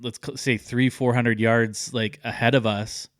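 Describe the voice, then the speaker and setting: A man in his thirties is co-hosting a casual podcast, telling a long, rambling story full of "like" and "um." His voice sits at a medium pitch. The sound is close and dry, with no room echo. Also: unhurried. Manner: rambling, many fillers, animated when telling stories. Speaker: podcast co-host.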